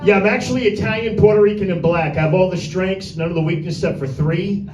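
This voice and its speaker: A man with a high voice doing a crude, rambling stand-up set and picking on people in the audience by name. He is recorded from a distance in an echoey little room. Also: quick pace, darkish tone. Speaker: stand-up comedian. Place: small room with a tiny audience.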